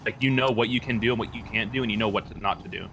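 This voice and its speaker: Blunt man in role-play as a cop, low-pitched with a bright, tense edge. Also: vocal fry, a little hiss or hum. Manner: blunt, talks in quick run-on sentences. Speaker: police officer in role-play. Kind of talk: in-character role-play chat.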